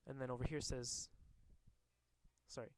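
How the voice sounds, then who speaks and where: A man's voice: medium pitch, level tone, rough recording. A man casually reading a comic aloud and commenting on it, often stumbling and rereading lines. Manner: halting, rereads and corrects himself. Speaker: comic reader.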